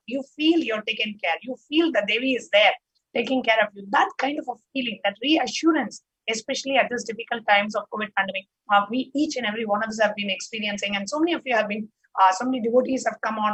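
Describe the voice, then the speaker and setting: A woman hosting a live show, her voice a touch husky and pitched a little high. She speaks in an effusive, gushing way. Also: fast, low-quality recording. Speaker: host.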